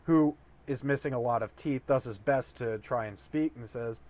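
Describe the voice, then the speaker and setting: A man's voice: mid-range voice, moderate pace, hardly any pauses, a little mellow, no echo. A drunk man improvising a long dirty joke, rambling with many fillers. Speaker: comedic storyteller.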